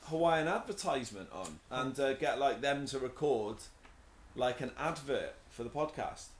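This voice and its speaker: A young man co-hosting a casual podcast, swearing often and chiming in with rapid yeahs. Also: mid-range voice, lively intonation, roomy sound. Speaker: podcast co-host. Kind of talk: casual banter.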